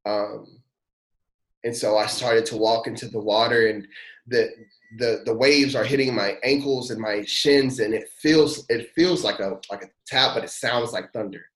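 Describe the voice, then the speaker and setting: A man's voice: medium pitch, normal speed, fairly bright tone. A man, a pastor and podcast guest, tells a personal testimony in an earnest, heartfelt and casual way. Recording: roomy echo.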